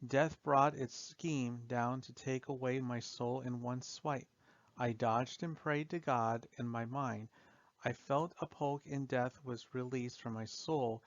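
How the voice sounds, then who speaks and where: Somber male poetry narrator, unhurried delivery, dull and dry lo-fi sound. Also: medium pitch, fairly even intonation, no echo. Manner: slow, somber and measured, trailing off softly at line ends. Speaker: audiobook narrator. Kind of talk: slow reading of dark poetry.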